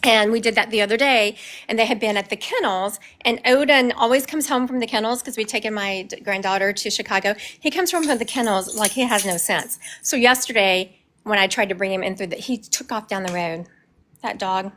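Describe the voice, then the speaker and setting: A woman's voice: mid-range voice, a little fast, a bit bright. A middle-aged woman who works as a psychic medium, rambling chattily on a livestream from her home through a phone she carries around.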